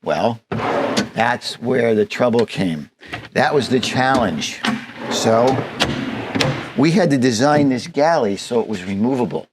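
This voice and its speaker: A plainspoken man walks through his van build in a slow, unhurried drawl, fitting parts as he explains them. His pitch sits right in the middle for a man, and faint noise and clicks run underneath. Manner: folksy, plainspoken, demonstrating while talking. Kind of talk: hands-on build walkthrough. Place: inside a van.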